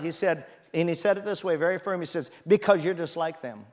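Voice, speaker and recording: A man in his sixties preaching a sermon, reading scripture dramatically and calling the congregation to respond. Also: a little high. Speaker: pastor.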